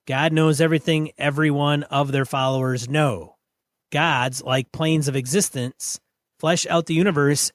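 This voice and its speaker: A man's voice: mid-range voice, dry recording, clean studio sound. A man co-hosting a gaming podcast, talking bluntly and plainly as he chats and reads listener mail aloud. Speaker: podcast co-host. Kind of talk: casual podcast chat and reading listener mail.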